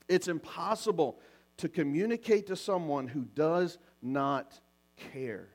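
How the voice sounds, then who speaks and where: Pastor, man, high-pitched, animated preacher acting out scenes, light mains hum under the voice. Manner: animated, acts out little scenes. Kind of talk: sermon on marriage.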